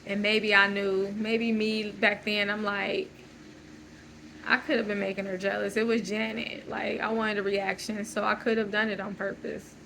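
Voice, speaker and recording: Bright-voiced woman musing to herself. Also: medium pitch, flat delivery, normal speed, gravelly, a little hiss or hum, poor audio. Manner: loose, searching, many fillers. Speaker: channel host. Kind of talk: rambling personal monologue.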